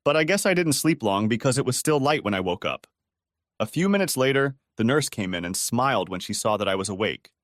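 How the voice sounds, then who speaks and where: Expressive male story narrator. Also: medium pitch, a little fast, no echo, studio quality. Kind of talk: scripted first-person story narration.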